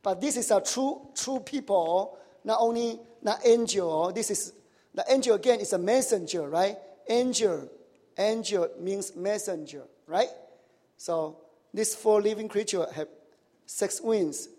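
A man preaching a sermon in a high, light voice that rings out through a church hall with long reverb. He keeps asking the congregation questions, checks in with "right?" and "huh?", and speaks with nonnative grammar. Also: unhurried, warm tone. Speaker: pastor.

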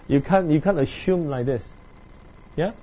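A man teaching a Bible study, reading verses aloud and explaining them in a halting way, with many fillers and tag questions. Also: a little high, mellow, slight background noise. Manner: reads scripture aloud then explains.

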